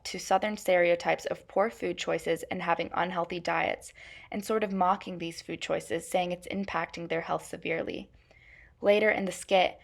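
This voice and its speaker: A young adult woman presenting as a student, reading her class presentation in a steady, measured way with frequent hedging phrases. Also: fairly low pitch.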